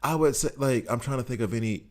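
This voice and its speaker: A man's voice: medium pitch, fast, a little mellow. A middle-aged man streaming a game, rambling through opinions and laughing often in casual chat. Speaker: gaming streamer.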